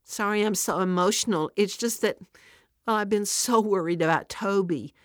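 A woman's voice: mid-range voice, normal speed, dry recording, studio quality, lightly acted. A woman voicing a worried single mother near tears in a told devotional story, her voice rising as she pleads. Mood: distressed.

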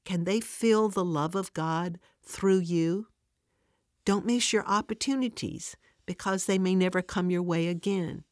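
A woman's voice: fairly low pitch, unhurried, dry recording, clean studio sound. A woman giving an earnest devotional talk, telling a story and speaking directly to the listener.

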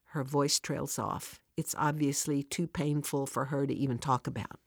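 A woman's voice: extremely low pitch, measured pace, creaky, hardly any pauses, husky, no room sound, studio quality. A woman giving an earnest devotional talk, telling a story and speaking directly to the listener.

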